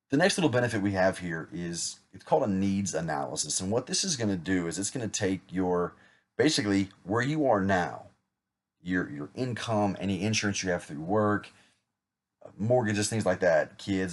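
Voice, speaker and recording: A man's voice: low voice, lively intonation, moderate pace. A man acting as an insurance agent in a practice sales role-play, talking casually with small jokes and self-corrections. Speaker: insurance agent rehearsing a client pitch.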